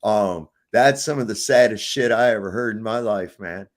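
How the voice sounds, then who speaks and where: A middle-aged man hosting a podcast, telling stories in a profane, animated, casual chat. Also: fairly low pitch, moderate pace. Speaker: podcast host.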